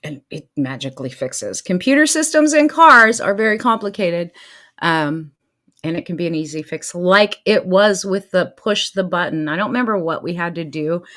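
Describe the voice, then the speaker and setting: A middle-aged woman and show host telling casual stories to her viewers, animated and quick to laugh. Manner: animated, laughs often, swings pitch to act out what people said. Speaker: life coach and show host.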